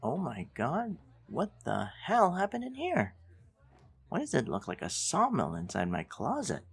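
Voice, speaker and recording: A performer playing a seeker who catches two hiders, loud and mocking. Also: mid-range voice, wildly swooping pitch, measured pace, creaky, slight background noise, full character voice. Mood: gloating.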